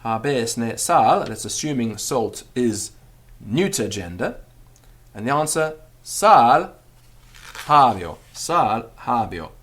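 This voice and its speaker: A man's voice: takes it slowly, breathy edge. A man teaching a language lesson, patiently repeating example phrases and explaining grammar step by step. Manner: lively rising and falling pitch. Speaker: Latin teacher.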